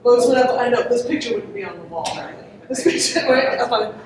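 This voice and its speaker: A woman's voice: fairly high pitch, fairly quick. A woman presenter telling a story to a live audience, chatty and laughing often, asking the room questions. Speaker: conference presenter. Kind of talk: interactive storytelling talk to an audience. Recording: echoey room, distant mic, noisy.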